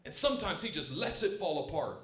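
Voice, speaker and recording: A man preaching a sermon with passion, swinging between hushed, tender lines and loud, emphatic ones. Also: sits high, sing-song, fairly quick. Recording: roomy echo.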